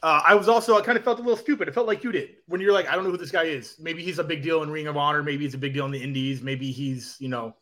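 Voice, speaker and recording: A man's voice: on the high side, fairly even intonation, very fast, hardly any pauses, pushed and bright. A man co-hosting a casual wrestling podcast, giving rambling but thoughtful analysis. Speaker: podcast co-host.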